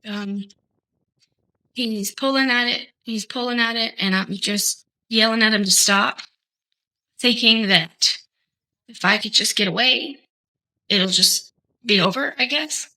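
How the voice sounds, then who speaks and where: A woman testifying in court as the defendant, answering in halting, hesitant sentences. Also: fairly high pitch, bright, forceful tone, low-quality recording.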